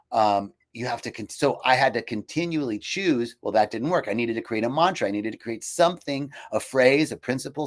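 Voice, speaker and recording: Reflective man sharing personal stories. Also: mid-range voice. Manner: reflective, personal storytelling with frequent fillers and restarts; quotes himself and others in lively voices. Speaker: speaker for a healing retreat. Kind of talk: casual live talk.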